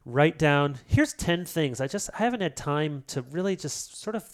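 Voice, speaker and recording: Animated man telling stories. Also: on the high side, moderate pace. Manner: animated storyteller, acts out quotes. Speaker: author and pastor guest. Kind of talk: casual interview talk.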